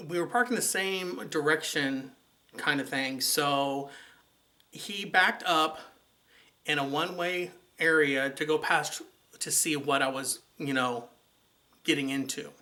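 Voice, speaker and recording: A man recounts a run-in with his ex in a loose, chatty vlog style. His voice is bright and forceful, sitting a little high, and his storytelling turns exasperated and sarcastic. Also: slow, long pauses. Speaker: vlogger. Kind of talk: casual storytelling to camera.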